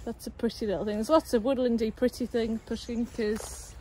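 A woman's voice: a little high, flat delivery, a little fast, warm tone, poor audio. A woman chatting easily about plants outdoors at her nursery. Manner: chatty, easygoing plant descriptions. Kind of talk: casual chat. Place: outdoors in a rural garden. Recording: outdoor recording with faint noise.

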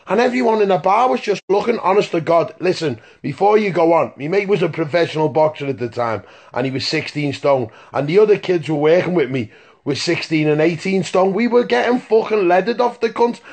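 A man's voice: high voice, expressive, a little fast, creaky, a little mellow. A man telling a rambling, profane story in a phone voice message, stopping often to ask "right?". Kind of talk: casual voice-note anecdote.

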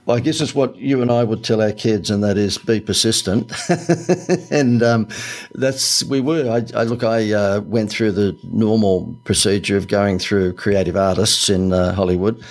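A man's voice: on the low side, fairly even intonation, moderate pace. A middle-aged Australian man telling stories as a podcast guest, chatty and laughing often with many fillers. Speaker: guest, ad agency founder. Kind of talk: podcast interview storytelling.

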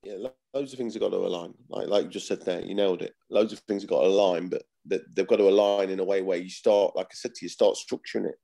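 A man's voice: low-pitched, fairly even intonation, quick pace, creaky, hardly any pauses, dark tone. A man, talking bluntly as an interview guest, swearing and repeating himself. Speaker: former footballer, guest. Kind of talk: casual interview.

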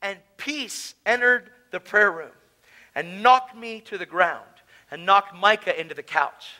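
At a conference, a man preaches his personal testimony, shifting from hushed storytelling to loud, emotional shouting. His voice is high-pitched and unhurried, and the audio quality is poor.

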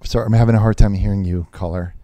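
A man playing a nervous televangelist host on a call-in show, talking haltingly with many fillers and restarts. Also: lowish voice, steady tone, mellow, no echo, natural voice. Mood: flustered.

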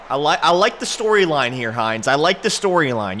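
An excitable man trash-talks his way through a football video game, his voice swinging wildly up and down. His tone is bright and sharp. A faint hiss sits under the recording. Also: mid-range voice, brisk, hardly any pauses. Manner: excitable, trash-talking, yells at players. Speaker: gaming YouTuber. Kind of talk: live gameplay commentary.

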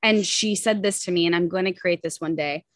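A woman in her thirties, a podcast guest, candidly telling a personal story in quick, casual talk full of "like" and "you know". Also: fairly low pitch, no room sound, clean studio sound.

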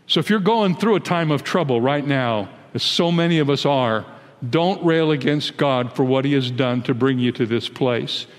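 An American man in his eighties, a pastor giving an emphatic, deliberate sermon in a large church. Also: mid-range voice, in a large hall. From United States. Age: 80s. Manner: emphatic, deliberate preaching that rises into pleading when quoting prayers.

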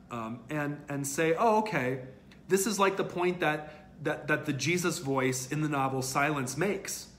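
A man's voice: medium pitch, pushed and bright, a little hiss or hum. A male college lecturer giving an online lecture in a conversational way, thinking aloud with fillers and restarts.

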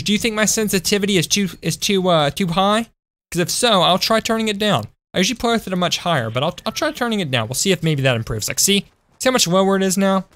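A man's voice: a little high, fairly bright tone. A young man casually commentating his game for a live stream at home, chatty, calling his viewers "boys" and answering chat. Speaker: gaming streamer. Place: home room.

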